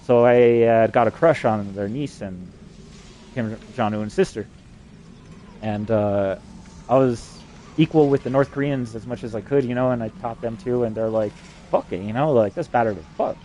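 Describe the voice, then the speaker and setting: A man talking in a rambling, heavily profane monologue that climbs higher when he gets worked up. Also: normal speed, a little hiss or hum. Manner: excitable, voice climbs when agitated.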